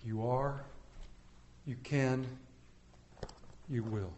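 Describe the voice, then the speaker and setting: A man preaching a sermon, telling a story that swells loud and then drops to quiet prayer. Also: medium pitch, steady tone, drawn-out words, a little hiss or hum. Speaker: pastor. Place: church sanctuary. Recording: echoey church room.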